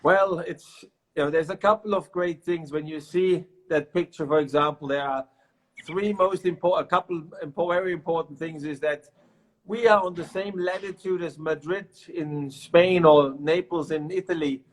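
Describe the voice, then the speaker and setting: A man's voice: a little high, normal speed, rough recording. A middle-aged man with a German accent, a winemaker explaining his work on a video call from his wine cellar, often restarting his sentences. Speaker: winemaker guest. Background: barrels rolling.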